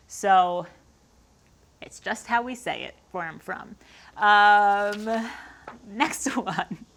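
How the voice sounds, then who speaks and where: A woman with a Long Island accent, chatting casually to camera as host of her woodworking channel, quick to laugh and full of "like" fillers. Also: mid-range voice, a bit bright. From Long Island, New York. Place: detached garage workshop.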